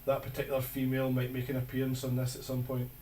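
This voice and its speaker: A man's voice: medium pitch, completely flat delivery, fast, very noisy. A man casually commenting, wry and sweary, while reviewing old tour footage. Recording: roomy, distant mic under loud music.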